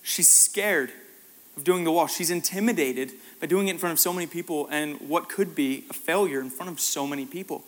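A man's voice: on the high side, fairly quick. A man preaching a sermon, telling a story with acted-out voices and building to emphatic passages. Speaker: pastor. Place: church hall. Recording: long hall reverb with faint music.

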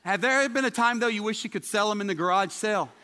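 Male pastor, humorous sermon, high bright voice, chatty with the congregation, long church-hall reverb. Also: fast talker, a little hiss or hum. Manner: chatty, asks the congregation questions. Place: church sanctuary.

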